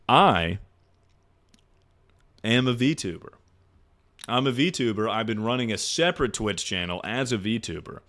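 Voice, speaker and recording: A man's voice: lowish voice, fairly bright tone. A young man streaming live, giving loose advice to his chat in a joking, rambling way with plenty of swearing. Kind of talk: casual livestream chat.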